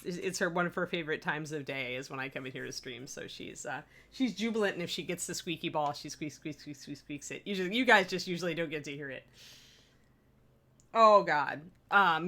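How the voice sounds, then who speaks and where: A woman's voice: fairly low pitch, a bit bright. A sleepy woman chatting casually while she livestreams her miniature painting, rambling and laughing often. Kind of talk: casual live-stream chat. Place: home streaming room.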